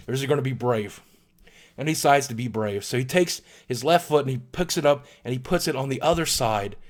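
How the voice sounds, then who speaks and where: A man telling a long shaggy-dog joke, with an animated, drawn-out buildup and sudden jumps in his voice. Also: medium pitch. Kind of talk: comedic storytelling.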